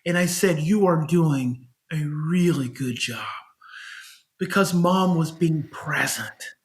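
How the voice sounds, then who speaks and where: A man's voice: a little high, slow. A middle-aged man, a child behavior specialist on a podcast, telling stories conversationally and acting out the parents he quotes. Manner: animated, acts out parents' voices when quoting them. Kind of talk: conversational storytelling.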